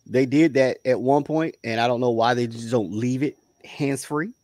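A man's voice: mid-range voice, moderate pace, a little mellow, no echo. Opinionated man from the American South. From Southern United States. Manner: emphatic, opinionated, repeats words for stress. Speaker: podcast co-host. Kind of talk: casual review chat.

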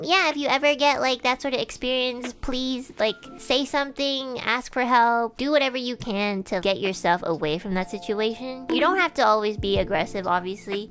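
A young woman from Canada telling a story on stream in casual chat, animated with laughs and mock outbursts. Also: mid-range voice.

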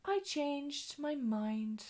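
A woman reading a storybook aloud and voicing a flustered, dramatic witch mother who exclaims in a shrill voice. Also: animated, very slow, darkish tone, heavily acted. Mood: cheerful.

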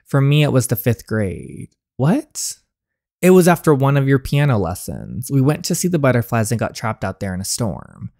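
A man's voice: mid-range voice, big pitch swings, moderate pace, creaky, a little mellow, no echo, studio quality. A man reading as a tearful young woman. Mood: tender. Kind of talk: reading game dialogue aloud.

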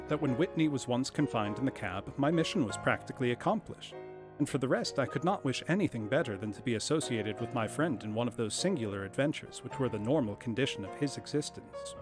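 Guy reading a story out loud on a stream, steady mid pitch, measured, faint music behind. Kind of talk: live-streamed book reading.

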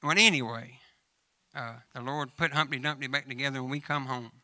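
A man's voice: mid-range voice, fairly even intonation, a little fast, sharp tone, no room sound. A man with a Southern American accent preaching a folksy sermon, telling funny stories and addressing church members by name. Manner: humorous storytelling mixed with scripture reading.

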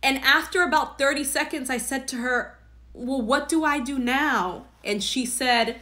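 Bright-voiced woman telling a heartfelt story. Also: high-pitched, unhurried. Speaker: podcast host. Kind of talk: personal birth story.

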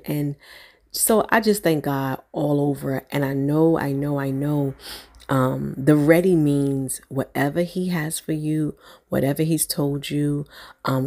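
A woman's voice: sits low, dark tone. A woman speaking off the cuff in a spiritual encouragement vlog, rambling and prayerful, with many fillers and restarts. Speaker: online prophetic encourager.

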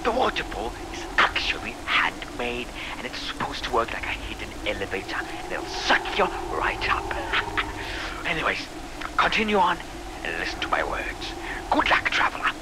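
A man's voice: mid-range voice, huge pitch swings, normal speed, very noisy. A man voicing an eccentric male radio guide in a game, speaking in a sing-song, theatrical way. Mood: cheery, mysterious. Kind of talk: game character dialogue.

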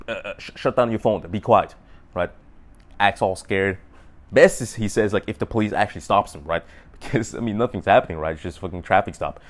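A man's voice: mid-range voice, a little mellow. A young man giving dating advice in a rambling, profane monologue to camera, often checking in with "right?".

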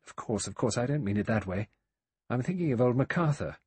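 A man's voice: medium pitch, lively intonation, a little fast, darkish tone, slightly rough, no echo. A man voicing a worried middle-aged male doctor who speaks hesitantly and doubtfully.

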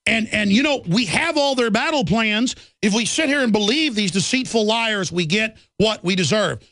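A man's voice: sits high, lively intonation, moderate pace, pushed and bright, no echo. A male radio talk show host delivering a fiery, combative political monologue in a heated, ranting manner.

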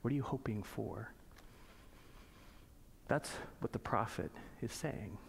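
A man preaching a sermon in a church, reading scripture slowly and then explaining it in plain conversational asides and pointed questions. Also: on the low side, expressive, creaky, slight background noise. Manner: asks the congregation pointed rhetorical questions. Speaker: pastor.

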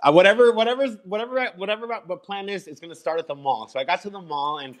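A man guest from Chicago telling his life story in a live interview, animated and repeating himself as he acts out quoted voices. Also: high-pitched, fast talker.

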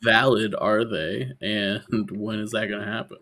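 A man's voice: lowish voice, fairly even intonation, unhurried, sharp tone. A man co-hosting a podcast, asking short questions in casual chat. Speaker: podcast co-host.

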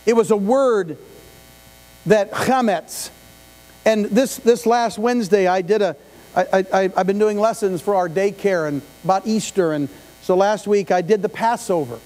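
A man's voice: high-pitched, unhurried, a little mellow. A middle-aged male pastor preaching a conversational sermon, often asking the congregation questions and adding asides. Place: church sanctuary. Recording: live church stream with long reverb and mains hum.

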